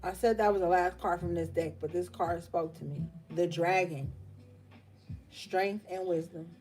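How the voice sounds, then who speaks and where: A woman's voice: on the low side, fairly even intonation, measured pace, darkish tone. A woman hosting a live tarot reading stream, speaking with passion and emotion and swearing bluntly as she encourages her viewers.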